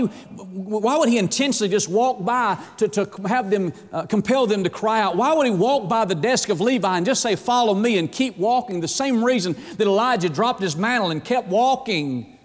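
High-voiced preacher in a reverberant hall. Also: male voice. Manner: preaching with dramatic acted-out quotes and repeated "friend". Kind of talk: sermon. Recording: long reverb in a large hall.

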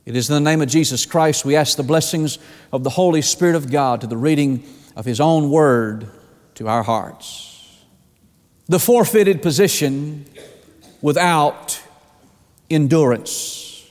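A high-pitched man delivers a sermon from the pulpit. He stretches out key phrases and repeats words for emphasis. His voice rings with the long reverb of a church sanctuary. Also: darkish tone. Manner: preaching with dramatic slow emphasis and repetitions. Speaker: pastor.

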